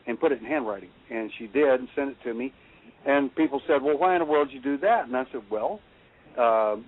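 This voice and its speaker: A man speaking as a guest through a thin, tinny phone line, his pitch sitting in an ordinary middle range. He tells rambling anecdotes, stumbling over fillers and restarts and chuckling between them. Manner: halting, many fillers and restarts, chuckles while telling stories. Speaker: guest expert on handwriting analysis.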